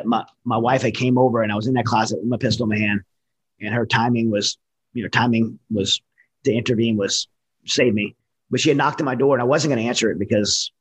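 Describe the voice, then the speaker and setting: A man's voice: lowish voice, slightly rough, rough recording. A man who served in the military giving an earnest, candid personal testimony in conversation, often restarting his sentences. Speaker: military veteran guest.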